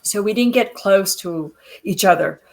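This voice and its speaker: A woman's voice: medium pitch, measured pace, gravelly, darkish tone. A woman guest on a video call interview, telling stories in a chatty way and laughing often. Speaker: guest, former wrestler. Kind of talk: casual interview chat.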